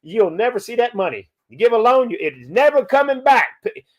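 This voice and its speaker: Folksy man, high lively voice. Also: a little fast. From Louisiana. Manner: folksy, peppers talk with "okay?". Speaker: podcast host. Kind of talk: live chat answering viewer questions.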